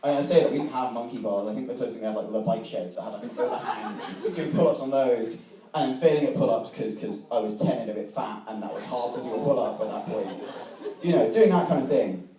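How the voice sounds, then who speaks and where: A man's voice: medium pitch, fast talker, crowd noise. A young man, a student, telling a self-mocking comic story to a live audience, swearing freely and acting out old dialogue. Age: young adult. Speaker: student speaker at a debating society. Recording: echoey room, mic from a distance.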